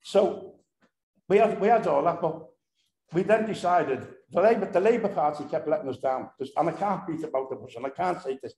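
A man's voice: fairly high pitch, animated, fairly quick, darkish tone. An older man telling humorous, earthy stories at a commemoration event, often repeating himself and restarting phrases. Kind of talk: anecdotal storytelling. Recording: echoey room.

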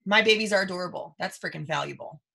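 A woman in her thirties gives a motivational talk to her team over a live video. Her voice is bright and forceful. She talks emphatically, repeats her points and keeps calling the listeners "you guys.". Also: on the low side, quick pace, gravelly. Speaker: team leader.

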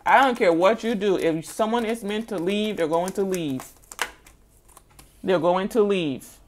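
A woman's voice: mid-range voice, a little slow, a little hiss or hum. A woman giving a casual tarot reading, blunt and emphatic, with sassy, scolding asides and the same points said again and again. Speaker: tarot reader.

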